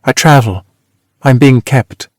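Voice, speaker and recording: A man doing a worldly ex-actress who teases and cuts, brisk and sharp-tongued. She sounds close and dry, with no room around her, a woman from a storybook reading. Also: mid-range voice, no echo, lightly acted. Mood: teasing. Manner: teasing, brisk and cutting.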